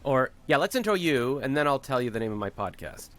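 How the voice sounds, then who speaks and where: A man's voice: medium pitch, very animated, a little fast, fairly bright tone. Rambling jokey male podcast host. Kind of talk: casual chat.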